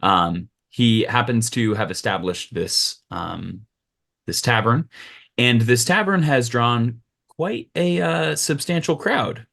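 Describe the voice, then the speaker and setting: A man acting as game master, narrating a tabletop fantasy game in a relaxed, scene-setting way. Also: mid-range voice, slow, vocal fry.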